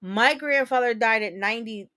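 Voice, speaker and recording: Chatty, profane woman in her thirties, slightly high. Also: brisk, pushed and bright. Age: 30s. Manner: candid, profane, chatty storyteller. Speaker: livestream host. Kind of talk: casual chat reading viewer comments.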